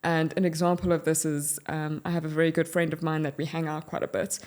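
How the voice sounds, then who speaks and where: A South African woman co-hosting a podcast in a candid, conversational way. Her voice sits a little low. She talks with frank, measured openness about what she has lived through. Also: little pitch movement, a little mellow. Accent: South African English. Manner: frank and measured, speaking from personal experience. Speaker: podcast co-host.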